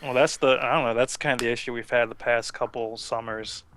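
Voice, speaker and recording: A man's voice: mid-range voice, steady tone, brisk, a bit bright, clean tone, dry recording. A young man from New Jersey co-hosting a casual podcast, laid-back and hesitant, leaning on "like.". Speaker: co-host.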